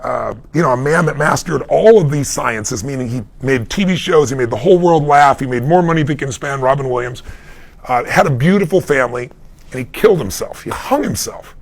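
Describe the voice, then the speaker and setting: A middle-aged man with a gravelly, somewhat high voice coaches a live audience on life. He talks with emphatic energy and acts out the voices of the people in his stories. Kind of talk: live Q&A advice talk.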